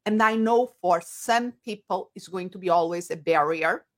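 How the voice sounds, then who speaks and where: A woman, an English speaker, talking as an interview guest and often pausing to search for words. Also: fairly low pitch, soft background music. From Portugal. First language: Portuguese. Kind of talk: conversational interview.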